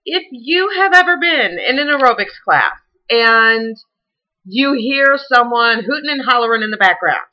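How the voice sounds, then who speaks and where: A woman's voice: fairly high pitch, animated, a little slow, lo-fi sound. A young adult woman with a Southern US accent, a fitness instructor giving chatty, encouraging workout advice to the camera. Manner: chatty and encouraging, many fillers. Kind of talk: casual advice talk to camera.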